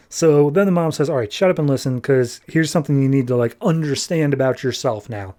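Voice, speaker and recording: A man hosting a podcast, casually recapping comic book issues in a loose, chatty way, full of "like" and quickly paraphrased dialogue. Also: fairly high pitch, mellow. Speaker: podcast host.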